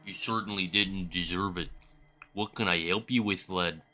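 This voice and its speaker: A polite male townsman from a video game, talking in a put-on Canadian accent, done by a man. His voice sits low and sounds bright, with a laid-back, easygoing manner. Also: fairly even intonation, normal speed. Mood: apologetic.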